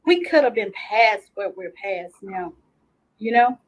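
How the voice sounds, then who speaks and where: A woman's voice: medium pitch, expressive, slow, rough recording. A middle-aged woman, a grieving mother, earnestly recounting details at length in a recorded interview.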